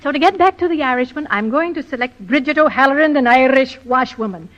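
A woman's voice: high-pitched, expressive, quick pace, fairly bright tone. A woman who is a radio actress and dramatic coach, speaking precisely and instructively as she teaches a dialect by demonstration in a radio broadcast. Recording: old radio broadcast with long reverb, dull lo-fi sound.

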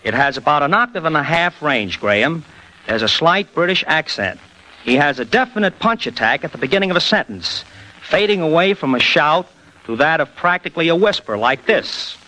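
A man's voice: on the high side, sing-song, normal speed, pushed and bright, low-quality recording. Jokey man on vintage radio. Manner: jokey, explanatory. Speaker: radio impersonator, guest. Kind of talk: scripted radio interview, vintage.

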